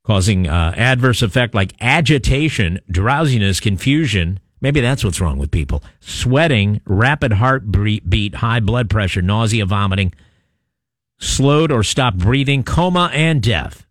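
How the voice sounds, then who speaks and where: Speaking a bit low and without hurry, this man hosts a talk radio show, working through a news item and listener texts in an animated, conversational way. He drops in wry remarks and frequent "uh"s. His studio microphone gives a clean, studio-quality recording with no room sound.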